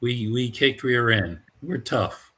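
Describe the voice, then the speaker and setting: A male co-host with a bright, forceful tone joins a casual political discussion. He speaks bluntly and drops short sarcastic remarks. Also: medium pitch, takes it slowly.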